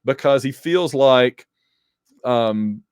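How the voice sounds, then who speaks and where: A man casually reviewing a comic book issue, animated and digressive, with joking asides. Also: mid-range voice, extremely slow, smooth, no room sound, clean studio sound. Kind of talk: casual commentary.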